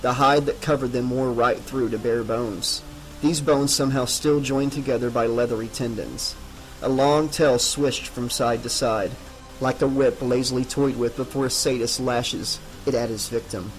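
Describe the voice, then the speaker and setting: A man narrating a horror novel as an audiobook in a measured, dramatic reading. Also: medium pitch, fairly even intonation, soft background music, rough recording.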